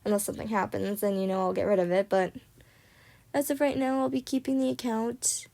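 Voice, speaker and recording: A young woman vlogging in a casual, rambling way, often repeating herself and filling pauses. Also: medium pitch, flat delivery, creaky, mellow. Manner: rambling, filler-heavy, repeats "as I said". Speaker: YouTuber. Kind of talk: casual vlog talk.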